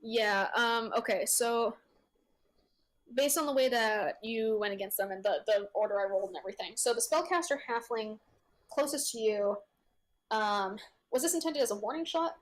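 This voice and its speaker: A woman narrating as game master of a tabletop game. She talks haltingly, with many fillers and frequent laughs. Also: on the high side.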